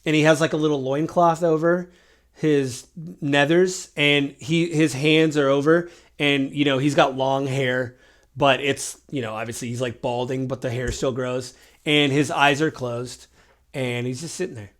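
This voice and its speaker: A man's voice: medium pitch, fairly even intonation, unhurried. A man running a tabletop game as game master, narrating loosely with lots of fillers. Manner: loose, rambling, full of fillers.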